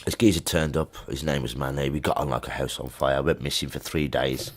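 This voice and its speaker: Deep-voiced middle-aged Birmingham man, rambling. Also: steady tone, fairly quick. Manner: rambling anecdotal storytelling. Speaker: musician guest. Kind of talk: casual chat interview. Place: music studio.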